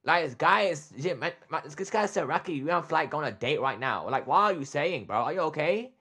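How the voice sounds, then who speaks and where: Excitable bright-voiced young streamer man. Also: on the high side, fairly quick, husky. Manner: excitable, trash-talks chat, repeats "bro". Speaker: streamer reacting to a video. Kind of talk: casual livestream reaction talk.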